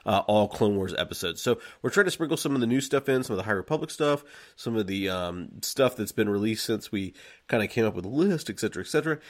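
A man co-hosting a podcast, chatting casually in a rambling, excitable way and laughing often. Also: lowish voice. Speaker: podcast co-host. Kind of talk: casual chat.

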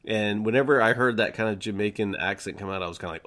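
A man's voice: on the low side, fast, bright, forceful tone. A man co-hosting a podcast in casual chat, rambling with many stammered restarts and easy laughs. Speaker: podcast co-host.

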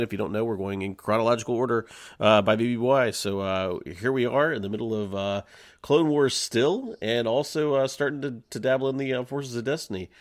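A man's voice: lowish voice, no room sound, studio quality. A man hosting a podcast in casual chat, rambling and joking, often correcting himself mid-sentence. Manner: rambling, self-correcting, jokey. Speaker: podcast host.

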